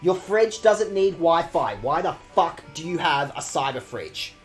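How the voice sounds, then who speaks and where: A man's voice: a little high, expressive, a little slow, soft background music. A man streaming a video game, ranting at the characters with sarcastic, profane commentary. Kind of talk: let's-play commentary.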